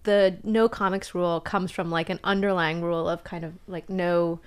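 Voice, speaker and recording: Podcast co-host, woman; smooth, clear voice; chatty, easygoing delivery. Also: fairly low pitch, fairly even intonation, moderate pace. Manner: chatty, laughs easily, frequent "like" fillers. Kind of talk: casual chat.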